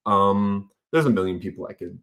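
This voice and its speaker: A young man in his twenties with a deep voice, talking easily in a casual chat with lots of "um" and "like". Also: moderate pace, a bit bright. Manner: easygoing, hesitant, many fillers and laughs. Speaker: podcast guest.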